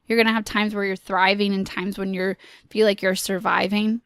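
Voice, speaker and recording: A woman hosting a podcast, giving an earnest, encouraging motivational talk in slow, deliberate phrases. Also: mid-range voice, flat delivery, a bit bright, smooth, no echo, studio quality. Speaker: podcast host.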